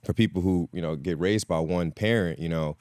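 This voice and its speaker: Very deep-voiced laid-back man. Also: a little fast, darkish tone, no echo, studio quality. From Caribbean. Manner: laid-back, reflective, rambling. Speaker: podcast guest. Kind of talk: casual interview chat.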